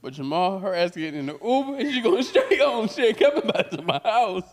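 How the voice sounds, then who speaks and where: Man, podcast host, slightly high voice, profane candid storytelling, frequent laughter, reverberant hall. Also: very animated, fairly quick. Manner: profane, laughs often while telling stories; turns quiet and reflective when serious.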